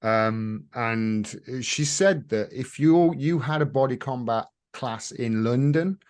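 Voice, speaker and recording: A man hosts a relaxed interview, full of enthusiasm and tripping over his words as he repeats them. His voice sits at an ordinary middle pitch for a man. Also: slow. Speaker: host. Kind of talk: casual interview chat.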